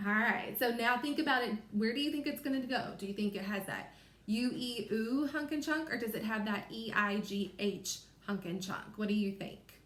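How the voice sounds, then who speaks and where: Recorded in an echoey room, this first grade teacher speaks with a Kentucky accent as she leads young children through a reading lesson. She pronounces letters slowly and clearly in a slightly high, fairly bright female voice.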